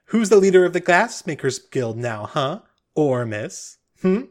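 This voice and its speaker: A man's voice: a little high, big pitch swings, a little slow, voice pushed up. Man playing a nervous, taunting old woman. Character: much older woman, nervous and gleeful.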